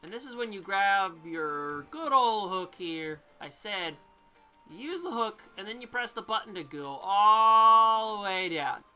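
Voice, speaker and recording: A woman chatting playfully through a video game, explaining each step as she goes. Her voice is bright and animated, and faint game music plays underneath. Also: mid-range voice, a little slow, smooth. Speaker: let's play host.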